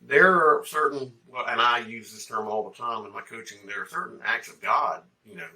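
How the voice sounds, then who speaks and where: A man from Mississippi answering interview questions as a business mentor, emphatic, with sudden loud bursts. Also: mid-range voice, normal speed, far from the mic, rough recording. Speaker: guest, agency mentor.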